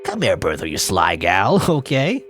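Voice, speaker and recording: A man voicing an excitable male wildlife TV presenter who gushes breathlessly over an animal, in a game let's play with music behind. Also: sits low, a little slow, voice pushed down, heavily acted. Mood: gushing.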